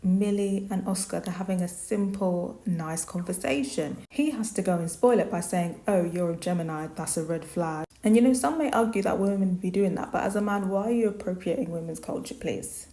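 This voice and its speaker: Sassy woman with a mellow voice. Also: mid-range voice, fairly quick, hardly any pauses, low-quality recording. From London, England. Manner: sassy, blunt and opinionated. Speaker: YouTuber. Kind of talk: reality TV commentary.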